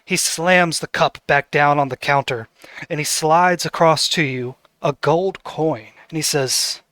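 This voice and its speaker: A man's voice: a little high, a little slow, fairly bright tone, no room sound, studio quality. A man narrating as game master of a tabletop game, setting scenes with descriptive narration and fillers.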